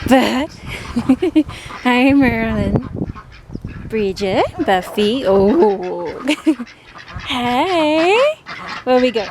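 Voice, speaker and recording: A woman chatting casually in a vlog, giggly and rambling with many fillers, talking outdoors among her ducks. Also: fairly high pitch. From Australia. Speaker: vlogger. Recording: noisy outdoor recording with ducks. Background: loud duck quacking.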